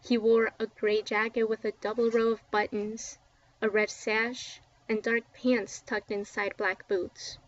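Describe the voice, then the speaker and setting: A woman reading a children's book aloud with expressive, dramatic storytelling, recorded dull and a little distant from the mic. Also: a little high, a little slow. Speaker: book reader.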